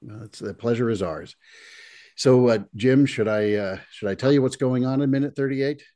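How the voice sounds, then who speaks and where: A man's voice: mid-range voice, normal speed, no echo. A middle-aged man co-hosting a podcast, chatting casually with many fillers and reading a scene aloud. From Wisconsin. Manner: relaxed, hesitant with many fillers, joking. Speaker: podcast co-host. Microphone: video call.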